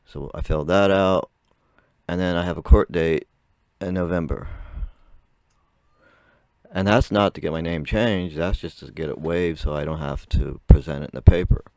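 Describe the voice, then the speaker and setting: A young man with a very low voice that still cracks now and then tells a long, rambling story straight to camera. He chats casually and laughs often between his sentences. The sound is dry and close, with no room around it. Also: moderate pace, a little mellow, clean tone, no room sound. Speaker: vlogger.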